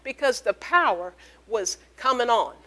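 A woman's voice: a little high, lively intonation, measured pace, a bit bright. A woman preaching a sermon, emphatic, repeating key phrases and calling out amen.

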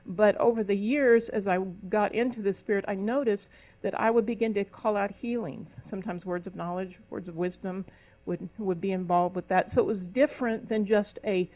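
A woman's voice: mid-range voice, steady tone, normal speed, darkish tone. Woman minister preaching in a church. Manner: preacherly, speaks in tongues, rises into emphatic calls. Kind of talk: sermon. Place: church service.

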